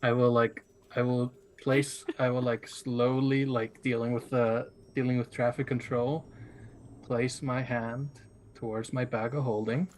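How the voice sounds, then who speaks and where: A man playing a tabletop game in casual talk, halting and restarting his phrases. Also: medium pitch, a little mellow. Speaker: player.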